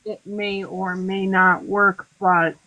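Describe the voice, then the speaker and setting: A woman on a live stream speaking in an earnest, halting way. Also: medium pitch, level tone, sharp tone, lo-fi sound. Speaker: stream participant. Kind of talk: casual chat.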